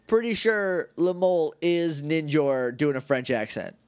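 Bright-voiced man in a dry podcast recap. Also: fairly high pitch, measured pace, clear, resonant tone, no echo. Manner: joking, rambling recaps. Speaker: podcast co-host. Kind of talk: casual chat.

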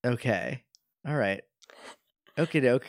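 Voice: mid-range voice, slow pace, no echo, studio quality. A podcast co-host in casual chat about a video game, sarcastic, swearing freely and making jokey outbursts.

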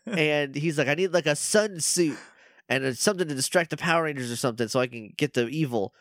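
A young man co-hosting a podcast, chatting casually and acting out characters' lines in quick voices. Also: a little high, fairly bright tone, no room sound, studio quality. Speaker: podcast co-host. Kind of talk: casual recap chat.

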